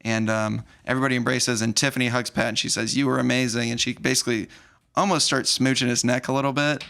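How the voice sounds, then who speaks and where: A man hosting a podcast, retelling a romance film in an animated, openly sentimental way. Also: medium pitch, quick pace, gravelly, clean tone. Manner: animated storyteller, acts out movie lines. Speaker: podcast host. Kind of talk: casual movie recap chat.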